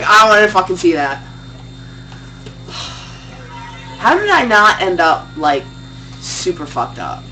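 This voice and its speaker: Animated young woman telling crude stories. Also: fairly low pitch, slow pace, long pauses, far from the mic, faint music behind, rough recording. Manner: animated, crude and teasing storyteller. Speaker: streamer's sister. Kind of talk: casual chat.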